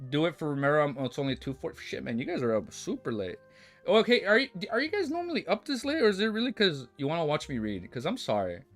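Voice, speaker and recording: A man's voice: medium pitch, fairly bright tone. A young man streaming, chatting casually and rambling with lots of swearing and restarts, faint music playing behind him. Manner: rambling, swears a lot, restarts and self-corrects. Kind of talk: casual livestream chat.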